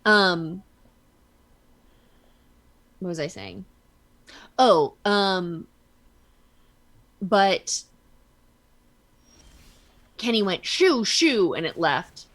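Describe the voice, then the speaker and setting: Chatty, animated woman streamer. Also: fairly low pitch, very slow, long pauses. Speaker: streamer playing a card game. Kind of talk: casual chat while gaming.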